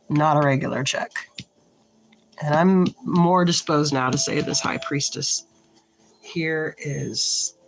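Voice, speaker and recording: Slow-talking lady doing a tarot read at her desk, frank, a bit low, light hiss on the mic. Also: rough recording. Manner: slow, halting, thinks aloud while shuffling and pulling cards; frank and a little irritated, with short laughs. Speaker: tarot reader. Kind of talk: casual tarot reading to camera.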